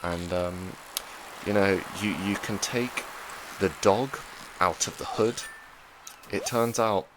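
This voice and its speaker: A man hosting a gaming channel, telling rambling, chatty stories with plenty of fillers in relaxed commentary meant for sleep. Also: on the low side, slow, long pauses, noisy background. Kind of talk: relaxed commentary over gameplay, made for sleep. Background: music.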